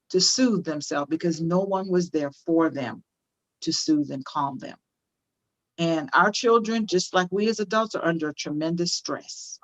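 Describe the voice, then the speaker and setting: A woman's voice: lowish voice, rough recording. An older woman speaking as an interview guest on parenting, emphatic and repeating phrases for stress. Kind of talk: conversational interview, teaching tone.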